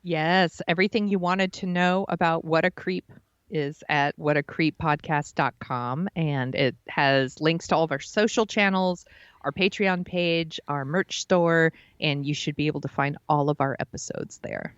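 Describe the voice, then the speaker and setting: A woman's voice: low voice, a little slow, clear, resonant tone, no room sound, muffled recording. A woman co-hosting a podcast in playful, self-deprecating casual chat. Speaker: podcast co-host.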